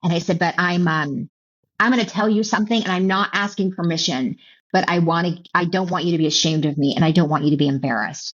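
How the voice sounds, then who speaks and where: A middle-aged woman telling her personal story as an interview guest, halting and emotional, with many restarts and repeated words. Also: lowish voice. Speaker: author and keynote speaker, guest. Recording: dull lo-fi audio.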